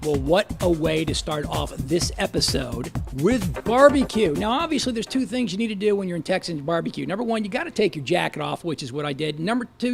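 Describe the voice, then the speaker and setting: Folksy guy hosting a local business show, kinda high, gravelly and husky. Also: expressive, a little fast, hardly any pauses, over music. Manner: chatty, folksy, joking. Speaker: host.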